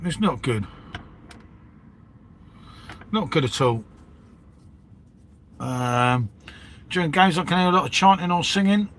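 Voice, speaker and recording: Rambling bloke saying mate. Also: male voice, a little high, slow, pauses often, a bit bright, a little hiss or hum. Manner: matey, rambling, says "mate" and "innit" constantly. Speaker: livestream host chatting with viewers. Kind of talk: casual live-stream chat.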